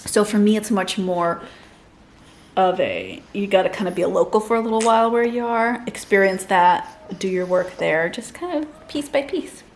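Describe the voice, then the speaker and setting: A woman's voice: medium pitch, lively intonation, normal speed, slight background noise. A woman in her thirties chatting casually to camera as a mother and vlogger, laughing often and cooing to her baby between tips.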